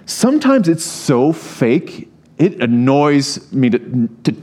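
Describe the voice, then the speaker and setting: A man's voice: mid-range voice, big pitch swings, measured pace, darkish tone. A man preaching a sermon in a conversational way, reading scripture and adding humorous asides. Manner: reads scripture aloud. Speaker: pastor.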